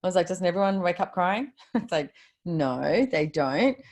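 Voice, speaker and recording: Low-voiced woman giving a casual motivational talk. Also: expressive, normal speed, a little mellow. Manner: chatty, swears casually, quotes her own thoughts. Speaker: host of a live video call. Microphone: video call.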